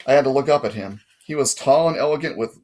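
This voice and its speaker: A man's voice: medium pitch, quick pace, darkish tone. Man reading a story aloud. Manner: plain, self-correcting reading. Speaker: audiobook reader. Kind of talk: first-person story narration.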